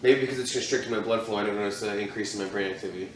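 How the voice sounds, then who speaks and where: A man co-hosting a podcast, telling crude stories in animated casual banter. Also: lowish voice, racing, echoey room, distant mic, slight background noise, poor audio. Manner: crude, animated storytelling, swears a lot. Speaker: podcast co-host.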